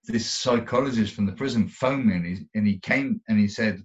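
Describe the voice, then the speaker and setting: A man's voice: lowish voice, a little fast, hardly any pauses. A man telling his own story in an interview, rambling and swearing a lot, with many restarts. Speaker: guest. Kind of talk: candid interview. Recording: dull lo-fi sound.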